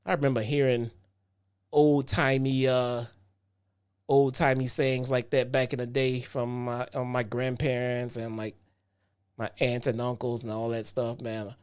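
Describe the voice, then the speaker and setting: A man's voice: medium pitch, flat delivery, unhurried, a little mellow, clean tone. A man hosting a casual wrestling review show. He recaps matches in a loose, chatty way, repeating himself and dropping "um" and "man" often. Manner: laid-back, frequent "um" and "man", repeats himself.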